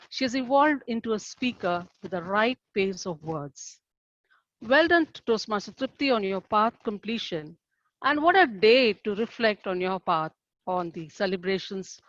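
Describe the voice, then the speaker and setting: Woman evaluator, measured and formal, fairly high voice, dull dry call audio. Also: fairly bright tone, dry recording. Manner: measured, formal and encouraging feedback. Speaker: speech evaluator. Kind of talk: formal speech evaluation at a club meeting.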